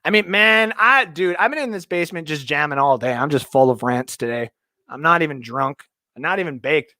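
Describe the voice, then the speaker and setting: A man's voice: on the high side, animated, fairly quick, pushed and bright, no echo. A young man from Canada hosting a casual livestream from his basement, reading viewer comments in a rambling, jokey way. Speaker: livestream host. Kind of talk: casual live-stream chat reading comments. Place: home basement.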